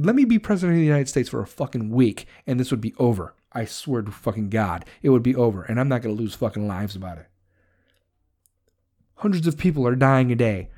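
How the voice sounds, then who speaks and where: A man's voice: mid-range voice, mellow. A man delivering a heated, profane political rant, hurling insults and swearing constantly.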